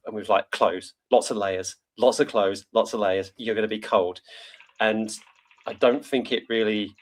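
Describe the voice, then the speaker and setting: In this conversational interview, the British podcast host has a lowish voice and talks a little slowly. He's rambling and sociable, frequently breaking into laughter and fixing his own words.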